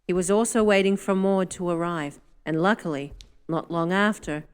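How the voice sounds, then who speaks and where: A woman narrating an audiobook in a measured, descriptive way. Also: fairly low pitch, smooth. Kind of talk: scripted narration.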